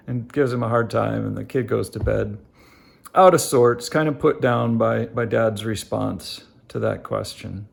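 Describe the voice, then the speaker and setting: Gravelly, earnest middle-aged man. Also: on the low side, steady tone. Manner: halting, many fillers and restarts; earnest, addresses viewers directly. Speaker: family life vlogger. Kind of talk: casual reflective monologue.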